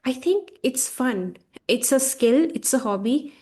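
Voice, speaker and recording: A woman with an Indian English accent speaks as a guest on a chat show, with a voice pitched a bit high. She is frank and opinionated and picks up speed when she drives a point home. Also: animated, measured pace, darkish tone. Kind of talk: casual conversation.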